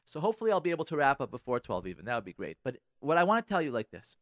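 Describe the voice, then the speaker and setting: A man hosting a radio talk show as a rabbi, talking in an animated, repetitive way that keeps restarting sentences, in a studio. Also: mid-range voice, racing, dry recording.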